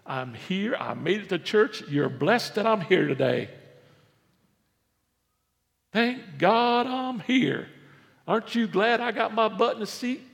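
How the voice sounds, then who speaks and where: A man's voice: sits high, animated, slow, creaky, long pauses, long reverb tail, voice pushed up, exaggerated voice. A man voicing a smug, self-righteous male Pharisee in a sermon, boasting in a raised voice.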